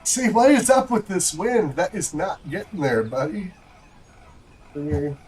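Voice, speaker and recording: A man's voice: high-pitched, lively intonation, unhurried, darkish tone, poor audio. A man hosting a livestream, giving rambling, chatty commentary to viewers while he plays a golf game. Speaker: livestream host. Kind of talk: casual gameplay commentary.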